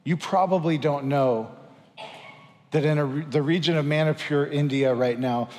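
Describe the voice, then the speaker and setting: A man's voice: on the high side, moderate pace, darkish tone, big-room sound, a little hiss or hum. A man preaching a sermon as pastor, earnest and exhorting, repeating lines for emphasis.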